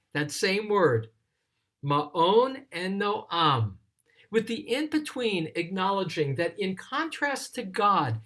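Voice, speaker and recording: A teacher leading a text study, explaining scripture in a deliberate, thoughtful way and lingering on single words. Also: mid-range voice, a bit bright. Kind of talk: slow explanatory scripture lesson.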